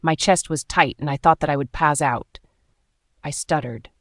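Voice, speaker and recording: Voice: medium pitch, normal speed, no room sound, studio quality. A narrator reading a first-person romance story aloud with dramatic, emotional delivery.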